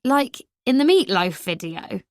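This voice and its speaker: A sharp-tongued young woman teases her rival in this audiobook, voiced by the narrator. Her deadpan jabs sit a little higher and brighter than the telling around them. The recording is dry and close. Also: no room sound. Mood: teasing. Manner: teasing, deadpan, quick comebacks. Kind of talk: audiobook character voice.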